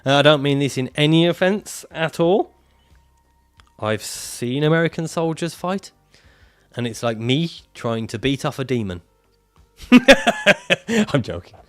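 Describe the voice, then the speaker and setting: A man livestreaming casually, reading out viewer comments and answering them in a jokey, profane way and laughing often. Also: mid-range voice.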